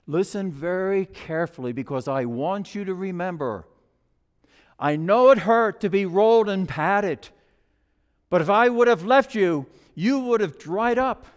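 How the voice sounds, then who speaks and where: A man voicing a patient master potter who calmly explains why he shaped his work. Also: high voice, clear, resonant tone. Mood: explaining. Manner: slow, gentle, explaining. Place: church sanctuary. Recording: long church reverb.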